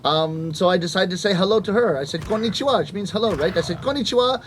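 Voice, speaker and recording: High-pitched guy around 50 doing comic stories for a crowd, animated, acts out the bits. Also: quick pace. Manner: animated, acts out voices and punchlines. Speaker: rakugo comedian. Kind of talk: stand-up storytelling to a live audience.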